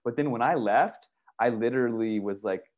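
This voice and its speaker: A man talking casually and excitedly, rambling through stories with many restarts, swearing and saying "dude" and "bro". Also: medium pitch, moderate pace. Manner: profane, uses "dude" and "bro". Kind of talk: casual conversation.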